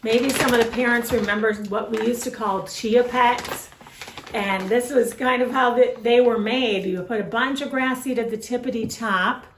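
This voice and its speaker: A woman kindergarten teacher speaking gently and coaxingly to young children, with a sing-song lilt. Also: on the high side, steady tone, normal speed, reverberant, noisy background. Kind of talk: teaching kids over video.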